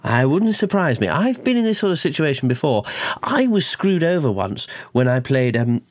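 A man's voice: a little high, sing-song, moderate pace, no echo. A man voicing a boastful male stage hypnotist who rambles with many restarts. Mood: indignant.

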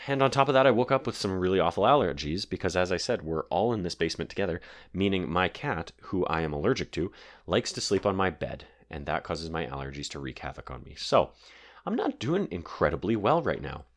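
A man's voice: low voice, sing-song, brisk. A man with a sore throat hosting a casual solo podcast from his home basement, rambling with lots of fillers and digressions. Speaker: podcast host.

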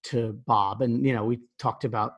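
A man's voice: medium pitch, normal speed, husky, highs cut off. Laid-back male podcast host. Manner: relaxed, many fillers like "like" and "you know". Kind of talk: casual interview chat.

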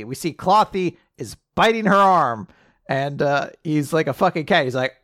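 A man in casual chat, retelling a story with lively asides, quick character voices and frequent laughter. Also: a little high, no room sound, studio quality. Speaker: podcast co-host recapping a manga chapter.

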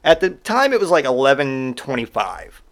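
A man's voice: mid-range voice, very animated, moderate pace, a bit bright. A man hosting a podcast and telling stories in a casual monologue, exasperated and sarcastic, and he swears freely. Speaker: podcast host.

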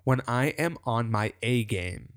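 An animated man chatting on a podcast. He laughs easily and acts out the voice in his head. The sound is close and dry, with an everyday mid pitch. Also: unhurried, dry recording. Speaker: podcast guest. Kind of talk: casual podcast conversation.

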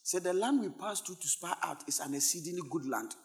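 Ghanaian male pastor, very high lively voice, shouting sermon, echoing church hall. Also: a little fast, vocal fry. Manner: animated, switching between soft asides and shouted exhortations.

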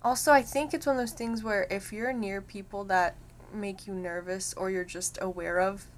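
A woman co-hosting a podcast in casual chat, soft-spoken and easygoing. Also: medium pitch, fairly even intonation, moderate pace, slight background noise. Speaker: podcast co-host.

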